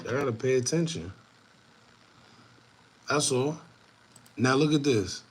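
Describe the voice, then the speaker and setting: A man hosting an online commentary show, talking casually to viewers in a repetitive, animated way with laughing asides. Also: a little high, measured pace, pauses often, breathy edge. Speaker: show host.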